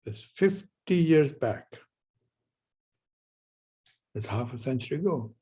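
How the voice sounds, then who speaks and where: Speaking slowly in a mid-range, mellow voice with a breathy edge and lively intonation, a seventy-something man lectures at a university. He tells a meandering personal tale full of rhetorical questions, and the recording is rough.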